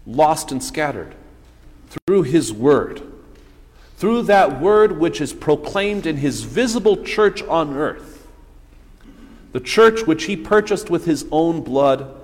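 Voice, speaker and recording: A male pastor preaching a sermon in a measured voice, posing rhetorical questions and answering them. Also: fairly high pitch, expressive, a little mellow. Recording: long church reverb.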